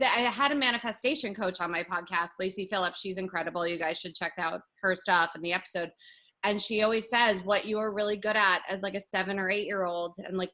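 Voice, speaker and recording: A woman's voice: fairly low pitch, bright, forceful tone. A woman in her thirties, a podcast guest, chatting and telling stories in a loose, casual way full of fillers. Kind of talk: casual storytelling.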